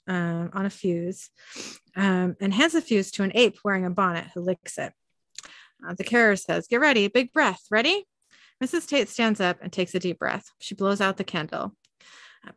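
A woman podcast host narrating a TV episode scene by scene, reading in a relaxed way with filler ums and uhs. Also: lowish voice, dry recording, clean studio sound. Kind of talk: reading a scene-by-scene recap with chat.

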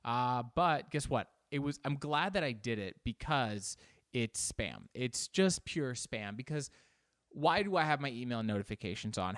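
A man's voice: no room sound, clean studio sound. A man hosting his own podcast, riffing in a rambling, self-mocking comedic monologue. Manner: self-mocking, digressive, jumpy in pitch. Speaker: podcast host.

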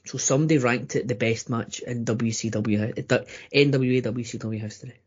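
A man's voice: medium pitch, fairly even intonation, brisk, darkish tone. A man co-hosting a casual podcast, stammering and restarting his sentences often. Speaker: podcast co-host. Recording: dull lo-fi audio.

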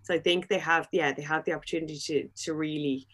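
A woman's voice: low-pitched, fairly even intonation, fast talker, fairly bright tone. Gushing, giggly woman chatting. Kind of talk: casual chat.

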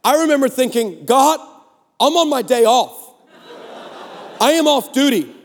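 High-voiced man preaching with jokes. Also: measured pace. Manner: animated, sarcastic, joking. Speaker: guest preacher. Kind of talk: comedic storytelling sermon. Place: large church hall. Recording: long hall reverb.

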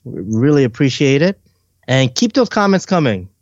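A man's voice: medium pitch, sing-song, moderate pace, no echo, highs cut off. A man co-hosting a casual podcast, reading listener comments aloud and laughing often. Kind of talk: casual chat.

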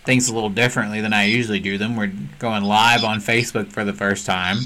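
A young man hosting a podcast, chatty and quick to jump in with casual conversation. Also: lowish voice, level tone, sharp tone. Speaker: podcast host.

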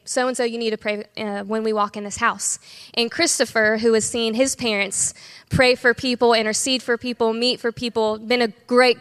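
Woman church leader, storytelling on stage, slightly high voice, big reverberant room. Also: fairly bright tone, clear, resonant tone. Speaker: kids ministry director. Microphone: stage microphone. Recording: long hall reverb.

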